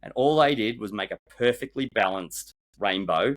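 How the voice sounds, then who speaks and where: A man telling stories as a guest in a casual chat, lively and full of restarts. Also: fairly low pitch, moderate pace. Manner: animated storyteller with frequent restarts. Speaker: guest, former reality-show builder.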